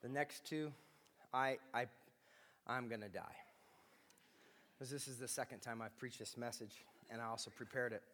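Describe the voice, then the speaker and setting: A man's voice: mid-range voice, a little slow, long pauses, a bit bright. A man preaching a sermon as a pastor, speaking with impassioned emphasis. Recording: long reverb of a large hall.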